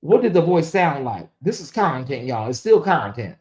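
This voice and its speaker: Animated woman streaming gossip commentary. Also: sits low, normal speed. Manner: animated, repeats questions, swings from muttering to exclaiming. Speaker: commentary channel host. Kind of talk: casual live-stream commentary.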